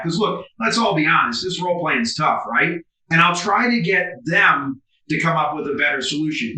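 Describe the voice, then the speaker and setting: A man's voice: fairly high pitch, bright, forceful tone. A man being interviewed as a business coach over a video call, talking emphatically and animatedly. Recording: roomy, distant video call audio.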